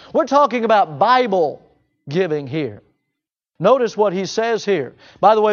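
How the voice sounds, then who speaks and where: A man's voice: high voice, muffled recording. A man preaching a sermon, asking the congregation rhetorical questions and voicing imagined objectors.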